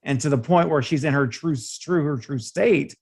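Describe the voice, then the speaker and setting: A man with a slightly high, husky voice appears as a guest on a podcast for a casual film discussion, telling stories in an animated, drawn-out way.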